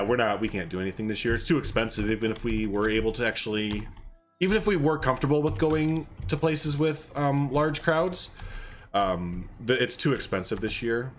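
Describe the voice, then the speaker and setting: A young male streamer with a medium-pitched voice talks a little fast, chatting casually on a livestream as he builds. He rambles and thinks aloud, with faint music and keyboard typing in the background.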